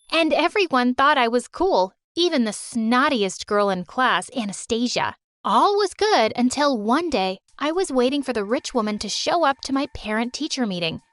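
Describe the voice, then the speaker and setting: A young adult woman narrating a dramatic first-person storytime, lively and expressive. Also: high voice, no echo.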